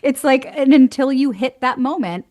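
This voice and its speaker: A woman guest on a podcast, chatting casually, animated and laughing as she tells stories and acts out other people's words. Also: high-pitched, moderate pace. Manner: animated storyteller, acts out quoted voices, laughs often. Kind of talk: casual conversation.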